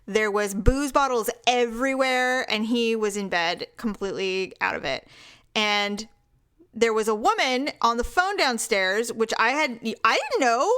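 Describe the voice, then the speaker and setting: A woman's voice: a little high, clean tone. Frank woman telling a story. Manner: animated storyteller acting out quoted dialogue; frank, swears, laughs often. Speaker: podcast co-host. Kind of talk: casual storytelling chat.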